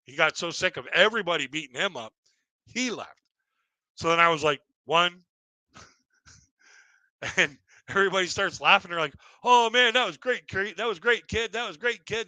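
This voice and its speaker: A man's voice: on the high side, sharp tone, dry recording, low-quality recording. A middle-aged man telling a stand-up story on a live stream, rambling and repeating himself, acting out other people in raised voices. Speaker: stand-up comedian.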